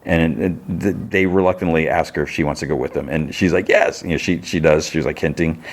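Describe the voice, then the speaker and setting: Deep-voiced man, rambling recap. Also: steady tone, brisk. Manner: chatty, rambling retelling. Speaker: podcast host. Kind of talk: casual TV episode recap.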